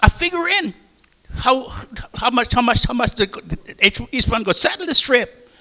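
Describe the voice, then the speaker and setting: A man's voice: very high-pitched, expressive, normal speed, bright, forceful tone, pitched above the performer's own voice, exaggerated voice. A Caymanian man doing a stammering young sailor. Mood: deferential. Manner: deferential, stammering. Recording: reverberant hall.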